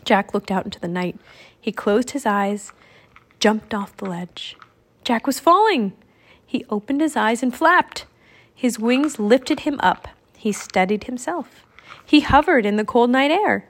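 A woman's voice: a little high, lively intonation, a little slow. Woman reading a children's storybook. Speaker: narrator. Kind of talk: audiobook reading.

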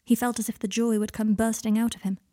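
A woman podcast host reading her fan fiction aloud in a soft, even storytelling manner. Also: a little high, fast talker, no echo, clean studio sound.

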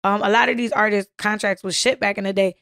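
A woman's voice: medium pitch, steady tone, fast, fairly bright tone, dry recording. Dry-sounding woman telling music stories. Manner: storytelling, slangy, retells exchanges. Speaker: recording artist guest. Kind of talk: casual chat.

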